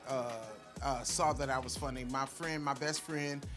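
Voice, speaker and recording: A woman comedian being interviewed, who tells animated, profane stories and acts out the voices of other people. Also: a bass voice, normal speed, over music. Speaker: comedian, guest. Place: festival content studio.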